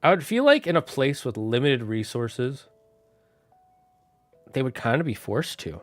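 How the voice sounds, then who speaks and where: A man streaming live, thinking out loud and answering chat in a casual, rambling way. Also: mid-range voice, very animated, dry recording, soft background music. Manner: musing aloud, thinks out loud with quick asides. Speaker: streamer running a worldbuilding chat.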